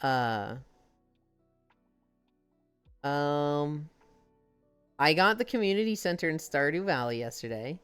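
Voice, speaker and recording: A young adult woman streaming and chatting casually, telling stories with lively acted-out quotes. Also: low-pitched, slow, long pauses, clean tone, soft background music. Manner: animated storyteller, acts out quoted characters. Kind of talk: casual chat.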